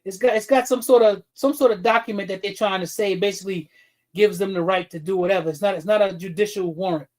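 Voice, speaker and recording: A man's voice: high voice, fast talker, darkish tone. A man hosting a livestream talk show, delivering blunt, profane, confrontational commentary with frequent restarts and repeated words. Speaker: streaming talk show host.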